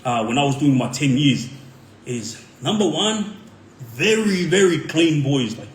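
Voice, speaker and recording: A slightly high-voiced Australian man, once in prison, tells his stories in an animated but unhurried way. He rambles casually, using street slang and plenty of "like" and "um," in an echoey room with slight background noise.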